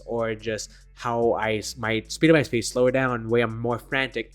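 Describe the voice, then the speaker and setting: A young man talking casually to camera as a dungeon master, rambling and self-deprecating with nervous laughs, into a desk microphone. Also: medium pitch.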